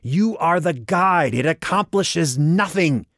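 A man voicing a whip-thin, scowling, bitter man who sneers and strains close to a shout. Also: low-pitched, measured pace, gravelly, dry recording, full character voice. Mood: bitter, sneering.

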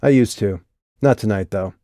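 A man's voice: on the low side, normal speed, mellow, dry recording, studio quality, natural voice. Man voicing a curt, sneering tough young woman. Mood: cold sarcastic. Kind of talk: audiobook character voice.

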